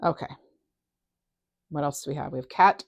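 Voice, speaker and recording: A middle-aged woman giving a casual tarot reading, enthusiastic and animated, her voice rising and falling in loudness. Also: low voice, moderate pace, dry recording. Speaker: tarot reader.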